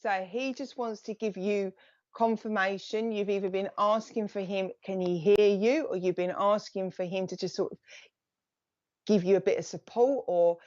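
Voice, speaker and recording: A woman giving live psychic readings, chatting in quick bursts and thanking viewers by name as she relays messages. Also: medium pitch, fairly even intonation, a little mellow, no room sound, highs cut off.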